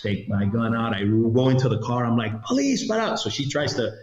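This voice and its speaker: A retired agent, a man, tells his story with animated energy. He keeps bursting into high put-on voices for the people he met. The sound is roomy and a little dull. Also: fairly quick. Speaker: retired federal agent, guest. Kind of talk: animated storytelling in a podcast interview.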